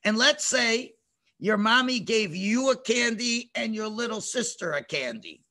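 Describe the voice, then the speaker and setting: A man teaching a lesson to children, animated and emphatic, often asking them questions. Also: sits high, a little slow.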